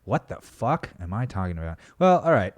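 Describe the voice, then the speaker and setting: Man, podcast host, rambling solo chat, lowish voice, self-deprecating. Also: big pitch swings, fairly quick. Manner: rambling, self-mocking, swears casually. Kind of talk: casual solo podcast monologue.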